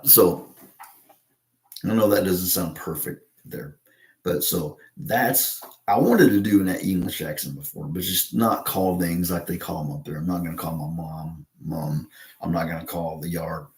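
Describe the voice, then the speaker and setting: An American man talking casually to camera in a halting, rambling way, full of fillers and restarts. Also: low-pitched, echoey room. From United States.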